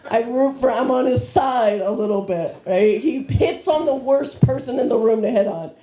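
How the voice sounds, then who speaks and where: A woman's voice: on the high side, normal speed, warm tone. A woman performing a stand-up set, rambling with fillers and self-deprecating jokes, on a handheld mic in a comedy club. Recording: roomy club sound.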